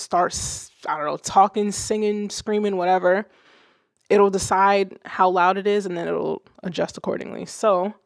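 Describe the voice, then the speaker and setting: A young woman chats through a music livestream in a relaxed, unhurried way, her voice carrying a noticeable gravelly fry. She talks loosely, laughs often and swears casually, and the close mic keeps the sound dry and near. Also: mid-range voice, no room sound. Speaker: music streamer.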